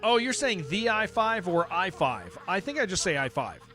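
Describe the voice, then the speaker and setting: With a sharp tone and a voice that sits high, this young man swings widely in pitch at a moderate pace. He's from San Diego, speaks with a Californian accent, and rambles through casual live-stream chat while gaming, restarting sentences and saying "dude" constantly, faint music behind him.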